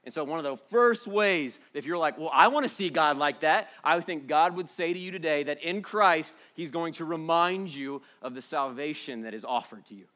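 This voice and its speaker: A man in his thirties preaching a sermon in a conversational, emphatic way, dropping to hushed tones and then rising to loud declarations. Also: on the high side, moderate pace, hardly any pauses. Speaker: pastor.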